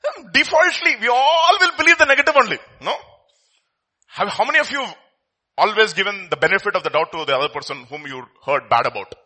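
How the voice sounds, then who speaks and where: A man preaches a lively sermon in a husky, very bright voice. His pitch sits high for a man and leaps around as he fires rhetorical questions at the congregation. He reads scripture aloud and swings between loud emphasis and near-quiet asides. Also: a little fast. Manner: expressive preaching with rhetorical questions, voice rising and dropping sharply. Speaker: pastor.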